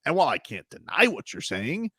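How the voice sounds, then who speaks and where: Animated male sports radio host. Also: on the high side, fairly quick, husky, no echo, clean studio sound. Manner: animated, rambling, emphatic. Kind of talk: sports talk radio banter. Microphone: studio mic.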